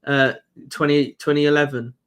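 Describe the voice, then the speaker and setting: A man's voice: a little high, little pitch movement, a bit bright, smooth. A man with a Birmingham accent, co-hosting a football reaction stream in rambling, giggly casual chat. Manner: rambling, giggly, quick to laugh.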